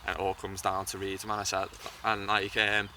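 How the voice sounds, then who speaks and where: A man's voice: low-pitched, monotone, a little fast, sharp tone, slight background noise. A young man talking casually as an interview guest, hesitant and often repeating words as he thinks, outdoors by a bridge. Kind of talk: casual chat.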